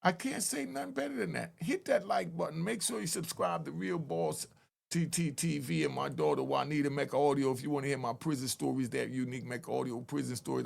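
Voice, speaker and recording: Gravelly older New man pleading. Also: fairly high pitch, lively intonation, brisk. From Harlem, New York. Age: 60s. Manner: earnest, pleading, street-style talk with rising emphatic peaks. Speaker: channel host telling prison stories. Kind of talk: direct-to-camera commentary.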